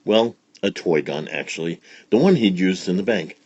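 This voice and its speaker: A man reading a children's story aloud in a playful, expressive way. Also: sits low, normal speed, no room sound, muffled recording.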